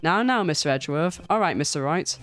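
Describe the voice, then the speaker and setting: A stern older male judge from a courtroom game hands down formal rulings, as a woman reads him in her own low voice. Faint music sits underneath. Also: expressive, brisk. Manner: formal, rule-giving.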